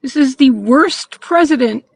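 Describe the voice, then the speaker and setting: A woman in her sixties calling in to a show, speaking earnestly and haltingly, with frequent restarts. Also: high-pitched, lively intonation, gravelly, no echo, low-quality recording. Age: 60s. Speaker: caller. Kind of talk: call-in chat.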